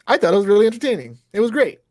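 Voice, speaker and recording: Excited guy in his 30s on a podcast, swears a lot, pitch jumps around, dry close sound. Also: very fast, no echo. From Europe. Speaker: podcast co-host. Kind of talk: casual chat.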